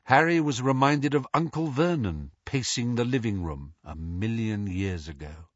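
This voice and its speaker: Male audiobook narrator, slow and expressive; husky, dull lo-fi audio. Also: medium pitch, dry recording. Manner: expressive storyteller.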